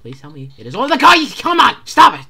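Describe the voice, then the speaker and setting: A gamer giving casual commentary while playing a horror game, stammering and panicking, repeating words in rapid bursts. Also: high voice, huge pitch swings, bright, forceful tone.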